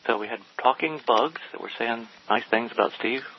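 A man's voice: mid-range voice, normal speed. A man casually telling a long anecdote, acting out the lines of the people in it. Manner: animated, quotes people in dialogue. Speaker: storyteller guest. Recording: dull lo-fi sound with faint hiss.

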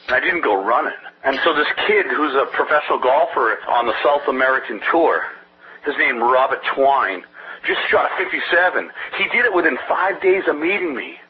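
Guy pitching his brain training thing, salesy rambly talker, muffled lo-fi audio w/ a bit of hiss. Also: lively intonation, normal speed. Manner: salesy, rambling, tells anecdotes with quoted voices. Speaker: interview guest, author of a brain-training program. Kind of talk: energetic pitch of his program in a phone-style interview. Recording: dull lo-fi audio with faint hiss.

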